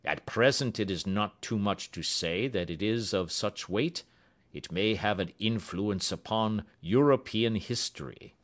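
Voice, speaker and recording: A man voicing a haughty Bohemian king with a deep, harsh voice and a German accent. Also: a little slow, natural voice. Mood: grave.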